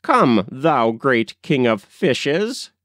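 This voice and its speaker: A crafty old magician, wicked and scheming, put on by a man reading a storybook aloud. He coaxes and plots in a slow, lilting voice that rises and falls a lot. The recording is dry and close. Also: mid-range voice, big pitch swings, a bit bright, no room sound, full character voice. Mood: coaxing. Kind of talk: audiobook character reading.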